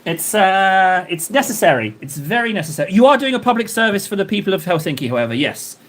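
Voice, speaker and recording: A man's voice: sits high, very animated, quick pace, a bit bright. A man streaming while he paints miniatures, chatting and joking with his viewers in a rambling way. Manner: joking, rambling banter with chat.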